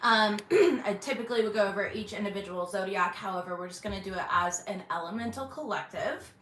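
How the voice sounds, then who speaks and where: A woman's voice: mid-range voice, fast talker, sharp tone. Woman, tarot reader, casual chatty delivery, frequent ums, roomy bedroom echo, faint hum behind. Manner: chatty, many "um"s and throat-clearing. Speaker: tarot reader and channel host. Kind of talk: casual intuitive tarot reading to camera. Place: her bedroom.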